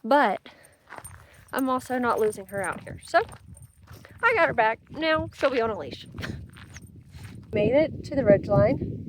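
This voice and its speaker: A woman's voice: a little high, background noise. Chatty upbeat woman vlogging outdoors. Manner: chatty, upbeat, talks to viewers and her dog. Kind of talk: casual hiking vlog narration. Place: outdoors on a mountain trail.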